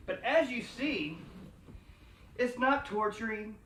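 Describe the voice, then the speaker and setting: A man training his dog indoors and explaining the method to the camera in a calm, explanatory way, recorded from a distance in a house. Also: high-pitched, slight background noise. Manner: calm, explanatory, praising a dog in a slow sing-song. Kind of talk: instructional video talk. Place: inside a house. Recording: echoey room, distant mic, faint ambience.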